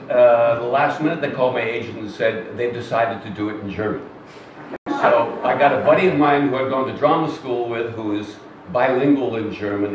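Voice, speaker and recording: An older man, an actor being interviewed on stage, telling anecdotes to a live audience in a chatty, self-deprecating way with fillers and restarts. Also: medium pitch. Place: cinema hall with live audience. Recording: roomy hall, distant mic, faint noise.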